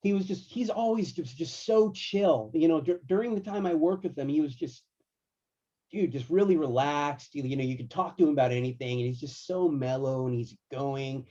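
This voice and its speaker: A man working as a guitar tech, telling tour stories in a casual, slangy, animated way. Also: a little high, moderate pace, dull audio. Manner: animated, laid-back, slangy. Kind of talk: casual storytelling.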